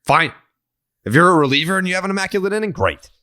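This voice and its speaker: A man's voice: high-pitched, lively intonation, fast, pushed and bright. A man hosting a podcast, ranting profanely and with heat in casual chat. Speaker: podcast host.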